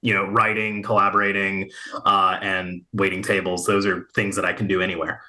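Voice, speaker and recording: Bright-toned hesitant man. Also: low voice, little pitch movement, fairly quick. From Little Rock, Arkansas. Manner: hesitant, many fillers and restarts. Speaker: comic writer guest. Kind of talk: casual interview chat.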